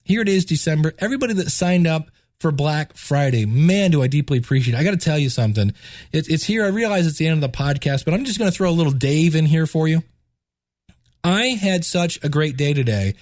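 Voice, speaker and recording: Enthusiastic male podcast host and teacher, congested, higher register, dry sound. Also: a little fast, dry recording. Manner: enthusiastic, repeats words when excited. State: stuffed up, congested. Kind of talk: casual solo podcast talk.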